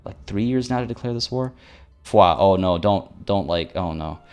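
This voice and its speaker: A man's voice: sits low, moderate pace, darkish tone, clean tone. Playful stammering male game streamer. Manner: playful and chatty, stammers and repeats words; reads game event text aloud and jokes with chat. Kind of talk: live-stream gameplay commentary.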